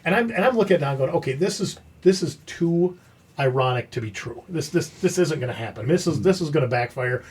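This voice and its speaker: A man's voice: fairly high pitch, a little fast, slightly rough. A man hosting a podcast, telling a story in casual chat and acting out the quoted dialogue. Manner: animated, acts out quoted dialogue. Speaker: podcast host.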